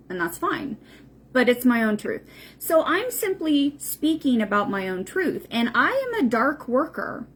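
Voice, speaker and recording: On a casual, unscripted livestream, a spiritual host talks bluntly, swearing often and repeating herself for emphasis. Her voice sits on the high side and sounds husky.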